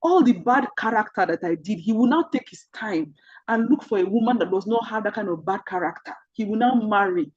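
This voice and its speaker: A woman's voice: medium pitch, expressive, brisk, a little mellow, breathy edge, dry recording, dull audio. A woman with a Nigerian accent mentoring an online group, telling personal stories earnestly and repeating key points to drive them home. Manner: earnest, repetitive storytelling that speaks directly to listeners.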